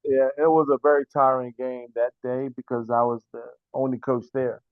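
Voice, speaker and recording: A man's voice: mid-range voice, flat delivery, moderate pace, smooth, dry recording. A man, a team's general manager and coach, answering interview questions earnestly, repeating himself and stumbling over words. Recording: tinny phone line, dry.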